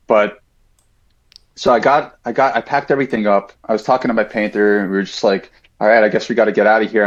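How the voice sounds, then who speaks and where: A man in his thirties, a podcast guest, telling a personal story in a casual, reflective way, with a lot of "like" fillers. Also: lowish voice. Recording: dull lo-fi sound.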